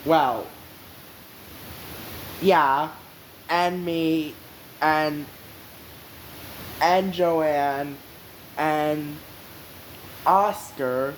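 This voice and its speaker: Casual female vlog host, rambling delivery, lower voice, very slow. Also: a little hiss or hum, low-quality recording. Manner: rambling, meandering. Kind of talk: casual explainer.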